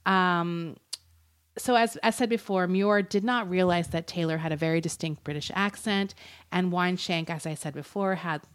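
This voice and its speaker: Woman podcast host, lower register, casual storyteller, giggly and loose, swears now and then. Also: normal speed. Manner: chatty and giggly, swears, uses lots of fillers. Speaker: podcast co-host telling a true crime story. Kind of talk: casual chat.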